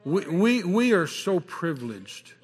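High-voiced preacher in a reverberant hall. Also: male voice, measured pace, a crowd in the background. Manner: animated, shouting at peaks. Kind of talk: sermon.

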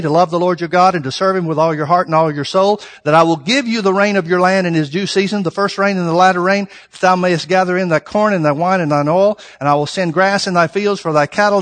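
A man preaching a sermon, reading scripture slowly and pressing his points with rhetorical questions to the congregation. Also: high voice, steady tone, fairly bright tone, in a large hall. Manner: reads scripture slowly and deliberately.

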